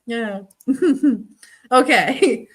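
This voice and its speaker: A woman's voice: a little high, animated, very slow, breathy edge. A woman from Newfoundland with a Newfoundland accent, hosting a casual live-stream trivia game, chatty and giggly, reading viewers' answers aloud and teasing them by name. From Newfoundland, Canada.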